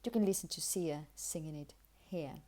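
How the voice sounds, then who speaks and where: A woman's voice: low voice, normal speed, warm tone. A Spanish-accented woman, a native Spanish speaker, teaching English pronunciation with careful explanations and repeated example words. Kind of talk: pronunciation lesson.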